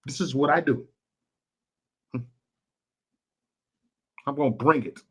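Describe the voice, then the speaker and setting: A man's voice: medium pitch, slow pace, a bit bright, slightly rough. A man from Chicago ranting bluntly and profanely on a vlog livestream, preachy and repetitive, talking to his chat viewers. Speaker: vlogger and livestream host.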